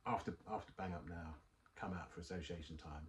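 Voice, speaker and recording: A middle-aged man, telling a story in casual chat, animated, with street slang and swearing. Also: low voice, a little fast, a little hiss or hum. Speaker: guest.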